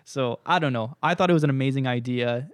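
A young man co-hosting a casual podcast, telling a story with heated, animated venting and some swearing. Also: medium pitch, quick pace, no echo, clean studio sound. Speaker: podcast co-host.

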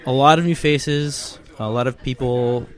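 A man's voice: medium pitch, fairly even intonation, unhurried. A young man working at a comic shop, chatting casually and gushing playfully in a mock-grand way. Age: young adult. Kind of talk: casual chat.

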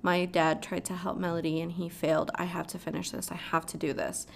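A man's voice: a little high, little pitch movement, brisk, vocal fry, voice pushed down. A woman voicing a stubborn young man who is set on finishing a rescue, grim and determined.

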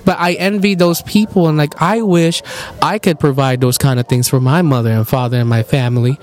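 Higher-voiced young man hosting a podcast. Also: fairly even intonation. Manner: halting, reflective, asks guest questions. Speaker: podcast host. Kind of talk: casual podcast chat. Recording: background music under the voice.

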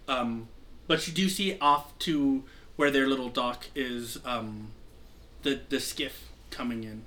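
A man's voice: medium pitch, slow pace, bright, forceful tone. A man with a sore throat narrating a tabletop game as game master, rambling with many fillers and restarts.

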